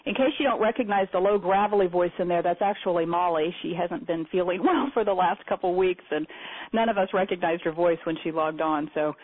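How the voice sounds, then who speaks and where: A woman's voice: on the low side, brisk. A woman hosting a live meeting on a call, talking in a chatty, rambling way with many fillers and restarts. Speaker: meeting host. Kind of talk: casual spoken presentation. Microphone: phone or conference line. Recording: tinny phone line.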